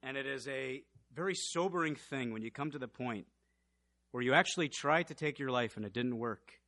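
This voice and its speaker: A man preaching a sermon, swinging from loud passionate outbursts to hushed, intense storytelling. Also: medium pitch, normal speed.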